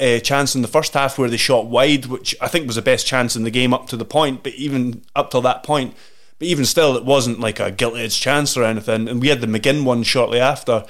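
A Scottish man hosting a podcast, drunk and laid-back, swearing as he talks football. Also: mid-range voice. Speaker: podcast host. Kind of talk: casual football chat.

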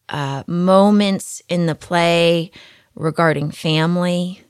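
A woman's voice: sits low, smooth, dry recording, clean studio sound. A woman hosting her own podcast, talking through a personal story in a chatty, candid, self-deprecating way. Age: adult mother. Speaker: podcast host. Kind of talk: casual podcast monologue.

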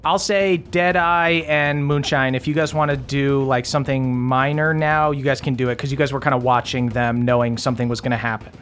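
A man narrating a tabletop game as game master, relaxed and full of fillers. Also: mid-range voice, a little fast, hardly any pauses, a little hiss or hum.

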